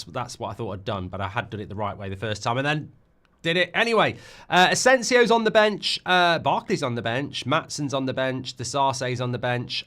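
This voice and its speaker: A middle-aged man with a medium-pitched voice hosts a live football watchalong. He rambles excitably, often repeating himself and restarting his words.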